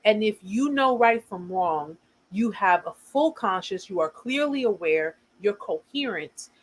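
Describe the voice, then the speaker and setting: A woman's voice: medium pitch, animated, unhurried, poor audio. A woman with an American accent hosting a casual livestream, speaking earnestly and repeating her points for emphasis. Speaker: host of a survivor support livestream.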